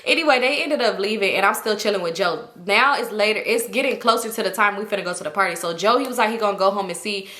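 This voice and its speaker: A young woman telling a casual storytime, animated and profane. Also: medium pitch, quick pace, few pauses. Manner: animated, profane, acts out quotes in raised voices. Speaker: storytime host. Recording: echoey room.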